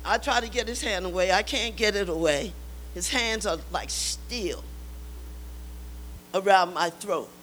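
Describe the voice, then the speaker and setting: A woman's voice: mid-range voice, unhurried, long pauses, fairly bright tone, a little hiss or hum, poor audio. Older lady giving testimony in church, emphatic, keeps repeating her point to the crowd. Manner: emphatic, repeats key lines, exhorts listeners.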